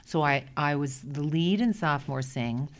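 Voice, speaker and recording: A woman from Brooklyn with a Brooklyn accent, a Broadway performer telling lively stories as an interview guest. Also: sits low, moderate pace. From Brooklyn, New York. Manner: lively anecdotal storyteller, frequent restarts. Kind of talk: storytelling interview chat.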